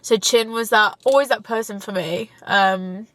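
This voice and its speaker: A woman's voice: mid-range voice, measured pace, a bit bright, dry recording. A young woman, vlogging casually from her car, chatty and gushing, now and then tearful. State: tearful at times. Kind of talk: casual chat while driving. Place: inside a car.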